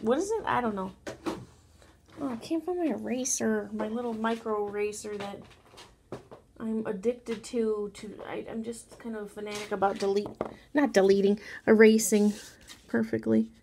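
A woman casually talking viewers through a drawing tutorial, chatty and softly spoken, with rambling asides. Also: fairly high pitch, fairly even intonation, normal speed, vocal fry, a little hiss or hum. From Mexican background.

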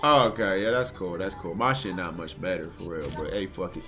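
A man's voice: low-pitched, fairly quick, over music. A male streamer in casual gaming chat, joking and slangy with plenty of swearing.

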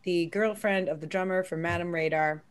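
A woman comedian hosting a casual live-stream interview, telling stories in a chatty, animated way with many fillers. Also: on the low side, normal speed, a loud crowd. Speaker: comedian host.

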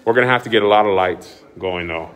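Talking fast in a lowish voice, a man shows off his new studio on a casual walking tour. He announces it like an excitable showman, and a camera mic records him moving through the big empty building.

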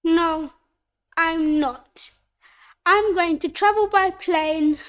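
A woman voicing a young holiday traveller in a scripted textbook dialogue, slow and careful, played back from a lesson video. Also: very high voice, fairly bright tone, heavily acted. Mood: cheerful.

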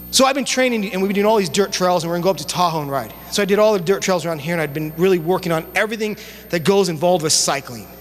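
A young male youth pastor with a high, light voice delivers a sermon, chatty and lively, slipping into casual slang as he tells a story. His voice rings with a long reverb through a church hall, with a faint hum underneath. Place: church sanctuary.

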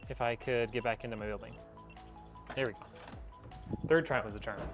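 A man with a mid-range voice and fairly even intonation talks briskly over background music, rambling casually to his viewers as he builds a PC. He's a little out of breath, chatty, and calls his audience "y'all" in this casual live-stream chat, picked up by a wireless clip-on mic.

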